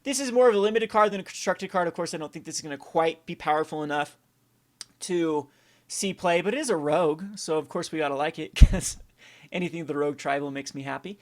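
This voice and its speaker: Chatty man reviewing cards, slightly high voice. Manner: rambling, frequent restarts and fillers, enthusiastic. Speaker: card game channel host. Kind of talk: casual card review commentary.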